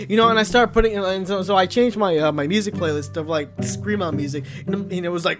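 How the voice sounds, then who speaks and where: A man's voice: sits high, quick pace, hardly any pauses. A young man hosting a podcast, telling a comedic story in a rambling way full of restarts. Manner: rambling, many restarts and fillers. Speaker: podcast host. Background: music.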